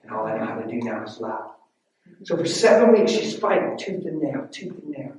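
A man preaching and telling his own testimony, emotional and storytelling, swinging between loud and hushed. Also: medium pitch, sing-song, brisk. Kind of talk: sermon. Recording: echoey hall from far off with faint noise.

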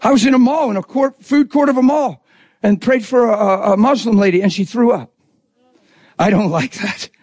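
High-voiced intense male preacher. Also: normal speed, darkish tone, husky, no room sound. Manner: intense, conversational preaching with acted-out quotes. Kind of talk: sermon.

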